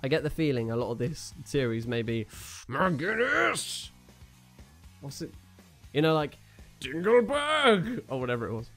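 A man's voice: medium pitch, fast talker, a little mellow, faint music behind. A young man commentating on his own football video game, joking, groaning and cheering at each play. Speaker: gaming YouTuber. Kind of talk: casual live game commentary.

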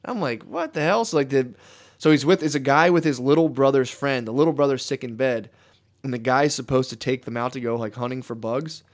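A man's voice: mid-range voice, fairly even intonation, brisk. A young man co-hosting a podcast, telling a long story in a rambling, profane way and acting out what people said. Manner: rambling, swearing storyteller who acts out quotes. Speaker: podcast co-host. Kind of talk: casual podcast chat.

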